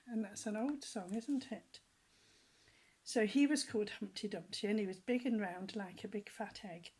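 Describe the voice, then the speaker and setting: A woman reading a children's story aloud with a gentle, animated storytelling manner. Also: mid-range voice, normal speed, husky.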